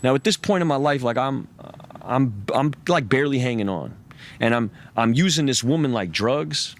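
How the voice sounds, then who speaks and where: A man's voice: medium pitch, lively intonation, normal speed. A man telling a long story in casual talk. He swears freely, rambles, and often restarts his sentences. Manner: profane, rambling, restarts a lot. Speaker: interview guest.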